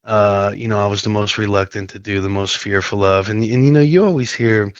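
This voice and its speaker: A man from Nashville, Tennessee tells his recovery story on a podcast, rambling and packed with fillers. He clears his throat often and speaks in a lowish voice. The recording sounds dry and a little dull. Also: brisk, no echo. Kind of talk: casual storytelling chat.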